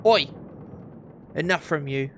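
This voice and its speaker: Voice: mid-range voice, slow, a bit bright, a little hiss or hum. A game master voicing a short-tempered male ship officer who barks threats at prisoners. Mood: angry. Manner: barking, threatening.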